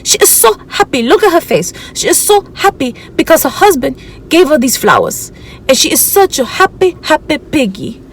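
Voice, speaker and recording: Lady doing a high sing-songy shopper lady, gushy and stubborn, swoops way up. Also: sing-song, moderate pace, slight background noise. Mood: doting. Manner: sing-song, doting, insistent. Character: gushing, stubborn woman thrift shopper.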